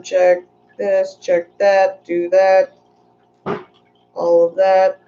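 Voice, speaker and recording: Brief: woman streamer, mid-pitched, chatty and meandering, slightly muffled audio. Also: flat delivery, extremely slow, pauses often, mellow, faint music behind. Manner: chatty, rambling, reading chat aloud. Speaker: aquarium channel host. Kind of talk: casual livestream chat.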